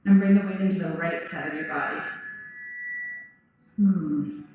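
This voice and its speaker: Unhurried yoga teacher in a roomy studio. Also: female voice, lowish voice, background noise. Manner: calm, encouraging cues with frequent "good". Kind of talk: guided yoga class instruction. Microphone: 360 camera in the room. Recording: roomy, slightly dull recording with faint music.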